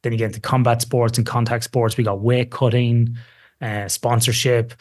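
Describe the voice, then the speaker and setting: Animated, emphatic man talking sleep. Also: mid-range voice, normal speed. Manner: animated, emphatic, self-deprecating. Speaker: sleep researcher guest. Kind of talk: casual podcast conversation.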